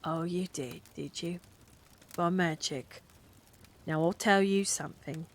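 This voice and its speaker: Unhurried and a bit bright, a woman's mid-range voice with lively intonation brings a stubborn middle-aged policeman to life in a cozy bedtime reading. He blusters with sarcastic, ungrammatical lines, setting a stern mood, and slight background noise can be heard.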